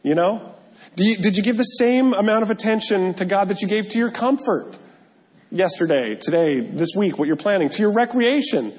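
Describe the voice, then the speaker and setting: A male pastor preaching a sermon, animated and joking, with self-deprecating asides. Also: high voice, moderate pace. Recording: long hall reverb.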